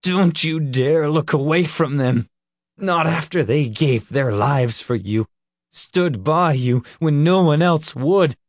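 A man's voice: medium pitch, takes it slowly, a little mellow, breathy edge, no room sound, studio quality. A man voicing a wounded teenage boy who snaps bitter, angry accusations, reading an audiobook. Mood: furious.

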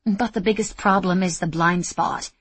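A woman's voice: lowish voice, steady tone, moderate pace, husky, no room sound. Woman reading as a self-doubting young fighter. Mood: earnest. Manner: earnest, self-critical.

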